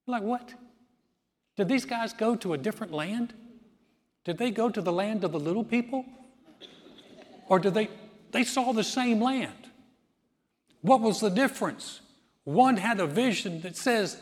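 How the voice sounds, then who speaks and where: A man's voice: sits high, animated, fairly quick. A man preaches in a church, his somewhat raised voice ringing through the long reverb of a large hall. He gets dramatic, acting out the quoted voices as he goes. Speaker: pastor. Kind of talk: sermon.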